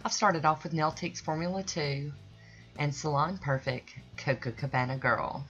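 A woman's voice: deep voice, fairly even intonation, moderate pace, a bit bright. A woman hosting her own nail art channel, giving a chatty, folksy tutorial voice-over that rambles and sometimes loses its thread. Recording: dull lo-fi recording with faint music.

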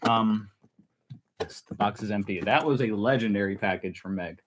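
A man's voice: fairly low pitch, normal speed, noisy background. A man hosting a casual unboxing vlog, chatting and laughing often as he opens parcels. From United States. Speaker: vlog host. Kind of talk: casual chat while unboxing.

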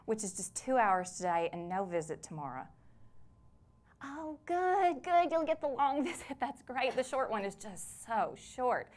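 Actress as a rambling mom in a prison waiting room, friendly, mid-pitched, scolding the kids between sentences. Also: female voice, lightly acted. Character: chatty weary mother of four, prisoner's wife. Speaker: stage actor in a one-woman play. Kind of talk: theatrical monologue.

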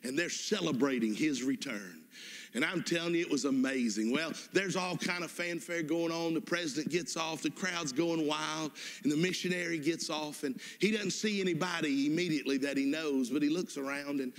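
A man's voice: on the high side, moderate pace. A man preaching a sermon, telling a story and praying with fervent, emphatic repeated exhortations. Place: church sanctuary. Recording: long reverb of a church hall.

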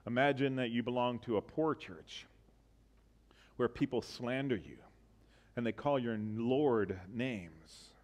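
A man preaching a sermon as a church pastor, earnest and repetitive, building to emphatic bursts and then dropping quiet. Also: medium pitch.

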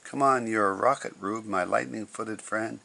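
A cheerful, encouraging storybook frog, put on by a man reading aloud. The voice is low and gravelly with a bright edge, steady and reassuring toward a worried friend. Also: normal speed, exaggerated voice. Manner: upbeat, reassuring.

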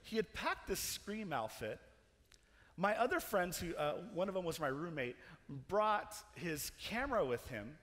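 A young man preaching in a chapel, telling a story with animated energy, laughing and restarting his sentences as he goes. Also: high voice, measured pace. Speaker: chapel speaker. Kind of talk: storytelling sermon. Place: large chapel hall. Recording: long hall reverb.

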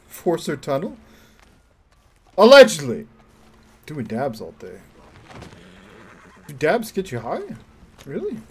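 A young man streaming a game, joking crudely and breaking into loud whoops and yelps. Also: a little high, huge pitch swings, takes it slowly, pauses often, husky. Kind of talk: casual livestream chat while playing.

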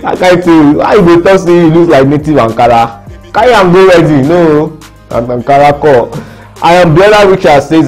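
A young Nigerian man with a Nigerian accent, reading out fan reactions in a lively, slangy casual chat. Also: mid-range voice, measured pace, soft background music. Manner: lively, mixes Pidgin slang, laughs a lot.

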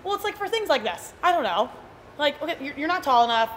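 High-pitched gal on a chatty podcast, rambly, says like a lot, little bit of hiss. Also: female voice, very animated, fast. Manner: rambling storyteller, heavy use of "like". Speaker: podcast co-host. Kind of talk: casual podcast chat.

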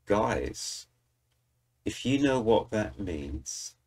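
A man's voice: fairly low pitch, sing-song, very slow, vocal fry, darkish tone. A British man hosting a music reaction video, chatting enthusiastically and talking straight to his viewers. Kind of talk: casual reaction commentary.

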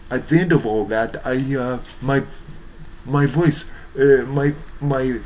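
A man with a Japanese accent, hoarse from strain, giving a halting monologue full of fillers and restarts. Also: medium pitch, a little mellow, slight background noise, rough recording. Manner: halting, many fillers and restarts, searching for English words. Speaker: YouTuber. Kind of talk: slow rambling monologue.

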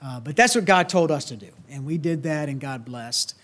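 A man's voice: fairly high pitch, lively intonation, moderate pace, a bit bright. A grandfatherly man with a Southern US accent, preaching a sermon in a folksy, earnest way with many restarts. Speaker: pastor.

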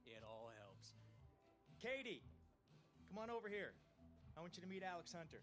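An actor playing a brash, upbeat male brand director in a video game cutscene, talking fast and joking like a salesman. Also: high voice, sing-song, a bit bright, soft background music. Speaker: brand director at a commercial shoot.

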